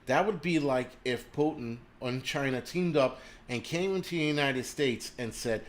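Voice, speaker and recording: A man's voice: medium pitch, normal speed. A man hosting a livestream, ranting angrily and profanely, stopping to read out viewer comments and donations. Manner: reads viewer names and donations aloud. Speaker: livestream host.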